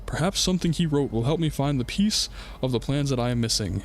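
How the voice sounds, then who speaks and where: A young gaming streamer with a medium-pitched, lively voice talks quickly into a desk mic while playing a horror game. He reads in-game notes aloud, cracks jokes, and laughs, with a little hiss or hum in the audio.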